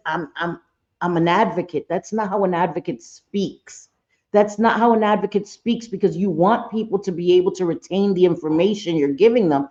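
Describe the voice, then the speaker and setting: A woman's voice: mid-range voice, dark tone, dull audio. A woman hosting a live reaction stream, talking bluntly and profanely and getting fired up.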